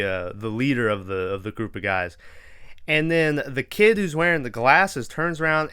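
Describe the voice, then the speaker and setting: A young man on his podcast, rambling through a horror movie's plot with plenty of swearing and "um"s. His voice is smooth and clear, recorded close and dry with no room sound, at an average pitch. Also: a bit bright, no echo. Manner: profane, rambling storytelling with fillers. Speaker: podcast host. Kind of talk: casual movie recap.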